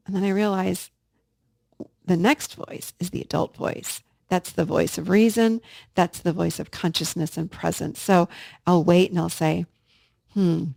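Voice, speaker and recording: Earnest woman with a gravelly fry. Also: lowish voice, fairly even intonation, measured pace, darkish tone, no echo, clean studio sound. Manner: earnest, encouraging, addresses listeners directly. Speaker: podcast host. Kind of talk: casual self-help podcast talk.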